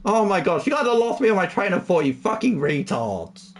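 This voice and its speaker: High-pitched, very animated and a little fast, this young streamer chats casually with his viewers. He shifts from a sombre goodbye into frustrated, expletive-heavy rants.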